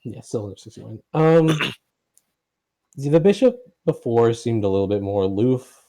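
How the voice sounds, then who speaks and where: A man running a tabletop game as game master, describing scenes in a relaxed, hesitant way. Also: medium pitch, unhurried. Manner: relaxed, hesitant, many fillers.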